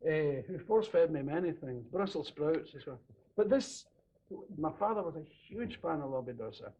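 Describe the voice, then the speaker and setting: A Glaswegian man reminiscing casually in an interview, telling animated stories and laughing often. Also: a little high, moderate pace. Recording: dull lo-fi radio recording.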